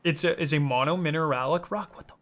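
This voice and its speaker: A fast-talking young man with a slightly high, somewhat bright voice plays a game on stream, joking around, swearing and laughing frequently as he chats with viewers.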